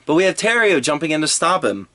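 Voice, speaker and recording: A man's voice: on the high side, big pitch swings, quick pace, bright, forceful tone. A man reviewing a manga chapter in a casual, rambling chat full of fillers and restarts.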